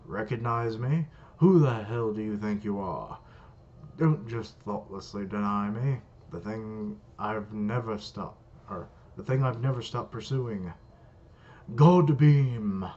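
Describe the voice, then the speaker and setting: A man's voice: on the low side, animated, measured pace, darkish tone. A man voicing an arrogant male spirit posing as a god, with a slight British accent and a taunting, boastful manner, as he reads manga dialogue aloud. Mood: indignant. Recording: muffled lo-fi recording.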